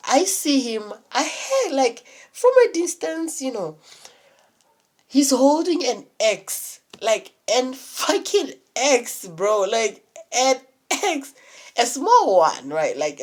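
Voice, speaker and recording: A woman's voice: on the high side, big pitch swings, takes it slowly, a little mellow. A young woman telling a rambling, profanity-laced story in a casual vlog, full of fillers and restarts. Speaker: vlogger.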